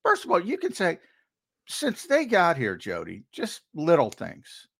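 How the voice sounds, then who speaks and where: A man's voice: medium pitch, a bit bright. A man co-hosting a sports talk show, talking emphatically and repeating words for stress. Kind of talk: heated sports talk commentary.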